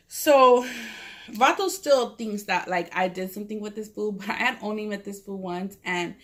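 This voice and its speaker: A woman, telling a story in casual, profane, rambling talk full of "like" while eating at home. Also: mid-range voice. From Southern California. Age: 30s. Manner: profane, rambling, lots of "like" fillers. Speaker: mukbang vlogger. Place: at home with a cat.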